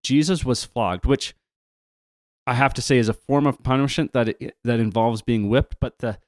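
A man's voice: mid-range voice, normal speed, a little mellow, no room sound, studio quality. Conversational man retelling a Bible story. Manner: conversational, restarts, emphatic asides. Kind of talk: casual Bible storytelling for kids.

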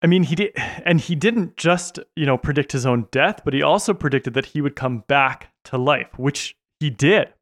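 Man co-hosting bible story, steady narration, dry close mic. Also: fairly high pitch, normal speed, few pauses, dry recording. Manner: steady, narrating, brief affirmations.

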